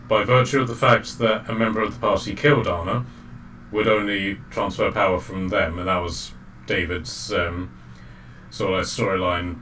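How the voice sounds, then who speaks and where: A man narrating as game master of a tabletop game, halting often with fillers and restarts. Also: deep voice, pushed and bright. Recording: distant mic, faint background noise.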